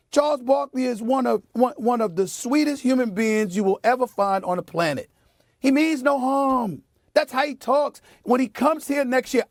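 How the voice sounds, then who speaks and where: A middle-aged man hosting a sports debate show, making his point with forceful, preachy repetition in a TV studio. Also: very high-pitched, no room sound. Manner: emphatic and preachy, repeats phrases for effect. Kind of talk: heated on-air sports commentary.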